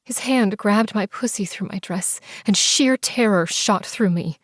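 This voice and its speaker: A woman narrating a first-person romance audiobook, expressive and sometimes dropping to soft whispers. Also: mid-range voice, a little slow, hardly any pauses, dry recording, clean studio sound. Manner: expressive, breathless in tense scenes, shifts into soft whispers.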